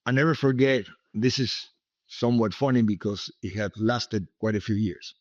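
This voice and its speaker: A man's voice: fairly low pitch, normal speed, darkish tone, dry recording, lo-fi sound. A man in his seventies from Cuba, with a Cuban Spanish accent and Spanish as his first language, telling rambling stories as an interview guest and often asking "okay?". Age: 70s. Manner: rambling, repetitive, emphatic asides like "okay?". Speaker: guest, businessman. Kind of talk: storytelling interview.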